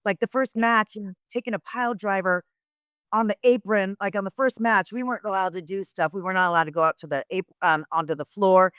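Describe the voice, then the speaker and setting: A woman's voice: mid-range voice, steady tone, brisk, a bit bright, clear, resonant tone, no echo, clean studio sound. A middle-aged woman, a retired wrestler and guest on a podcast, chatting casually and telling rambling stories full of quoted voices. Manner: rambling storyteller who acts out quoted voices. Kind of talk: casual chat.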